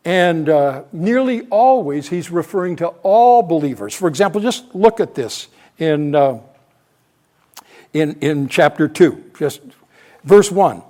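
An older man gives expository teaching on a Bible passage in a fairly high, slightly mellow voice, with lively intonation and a measured pace, frequently restarting and self-correcting as he thinks aloud.

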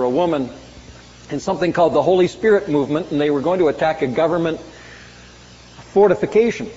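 Emphatic high-voiced male preacher in a reverberant hall. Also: a little mellow. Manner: emphatic preaching, dramatic swings in pitch and volume. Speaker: pastor. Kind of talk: sermon. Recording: muffled sound with long hall reverb.

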